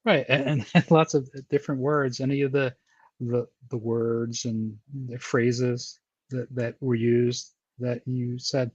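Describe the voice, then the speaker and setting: A man's voice: medium pitch, flat delivery, slow pace, breathy edge, dry recording, muffled recording. An American man from Baltimore hosting a podcast interview, chatting casually and rambling, with lots of repeated words and restarts. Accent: American, with a touch of New York. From Baltimore, USA. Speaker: podcast host.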